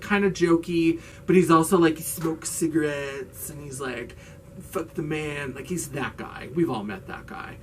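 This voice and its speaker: A chatty, sarcastic man recaps a movie for his video channel, full of asides. His voice sits a little high. He is slightly distant from the mic, over a faint hiss. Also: a bit bright. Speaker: drag queen video host.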